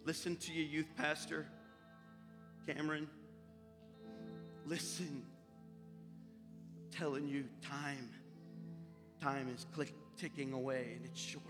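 A man's voice: on the high side, little pitch movement, slow, long pauses. Fervent folksy man preaching over music. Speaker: pastor. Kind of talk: sermon. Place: church sanctuary. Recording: long reverb with music behind.

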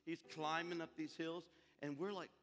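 A male preacher telling a lively, comic story in a sermon, in a large hall with faint music and a long reverb. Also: a little high, moderate pace.

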